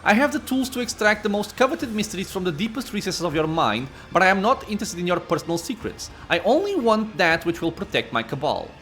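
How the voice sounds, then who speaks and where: Man reading as a sneering cruel dark elf. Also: high voice, big pitch swings, brisk, few pauses, voice pushed up. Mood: menacing.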